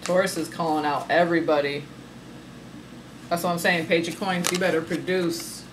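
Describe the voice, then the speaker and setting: A woman's voice: on the low side, level tone, moderate pace, a little hiss or hum, low-quality recording. A woman giving a casual, sassy tarot reading, talking emphatically and laughing often. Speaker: tarot reader.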